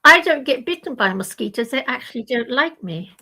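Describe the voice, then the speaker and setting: A woman's voice: sits high, animated, brisk, bright, forceful tone. An older woman hosting a live stream, chatting casually and rambling to herself while she waits for others.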